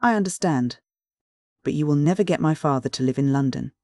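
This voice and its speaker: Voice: medium pitch, fairly quick, dark tone, no room sound, close to an everyday voice. A reader voicing a cool, blunt young woman. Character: cool, frank young woman, engaged to be married. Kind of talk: audiobook dialogue reading.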